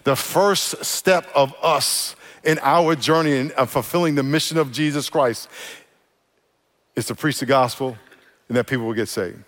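A man's voice: medium pitch, moderate pace. A male pastor preaching a sermon with energy and humor, often getting the congregation to repeat words after him. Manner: energetic, joking, leads congregation call-and-response. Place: church auditorium. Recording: long reverb of a church hall.

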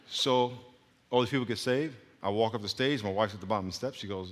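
A man preaching a sermon, telling a story in an animated way with frequent restarts and repeated words, then leading a prayer. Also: medium pitch, quick pace, in a large hall.

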